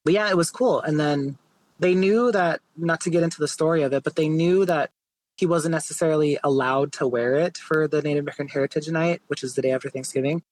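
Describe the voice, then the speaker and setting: A man's voice: on the high side, fairly quick, dry recording, rough recording. Easygoing man telling a story. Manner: relaxed, many fillers like "like" and "you know". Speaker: guest artist. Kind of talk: casual interview storytelling.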